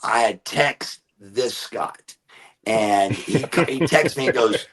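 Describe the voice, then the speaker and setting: A man's voice: medium pitch, slow, fairly bright tone. A man in his fifties, a guest in a casual interview, talking in a loose, rambling way. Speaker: guest, former pro wrestler.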